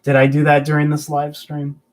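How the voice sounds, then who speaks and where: A man's voice: fairly high pitch, monotone, moderate pace. A man hosting a casual live stream, joking around and answering viewer chat in a rambling way. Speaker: host of a collectibles live stream.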